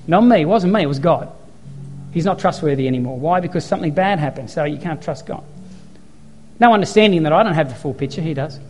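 A pastor delivers his sermon in a slightly high voice, acting out quoted lines and driving points home by repeating them. Soft music plays faintly behind him. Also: lively intonation, quick pace, big-room sound. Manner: storytelling, emphatic repetition, acts out quotes.

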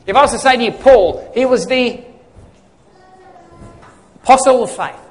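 In an extremely high-pitched voice at a normal speed, a male pastor gives a conversational sermon. He puts questions to the congregation and supplies the answers, and the sound has a long hall reverb.

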